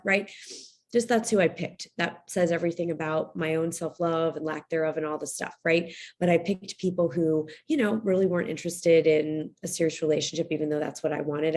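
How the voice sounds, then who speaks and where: A woman's voice: low-pitched, dark tone. A woman in her forties, a writing coach giving a candid, confiding motivational talk to writers.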